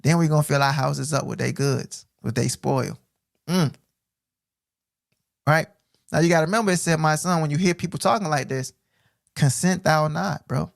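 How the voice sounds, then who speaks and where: A man teaching scripture on a stream, reading verses slowly and then explaining them in casual street slang, often asking 'right?'. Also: a little high, vocal fry, dry recording, studio quality. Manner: casual, repeats 'right?' and 'bro'. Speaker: Bible teacher.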